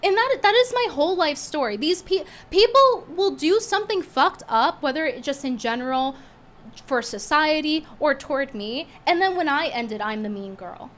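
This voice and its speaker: A woman streamer in casual commentary, talking sarcastically and animatedly, flaring up indignantly, her voice going a little hoarse. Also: high-pitched, expressive, moderate pace, fairly bright tone.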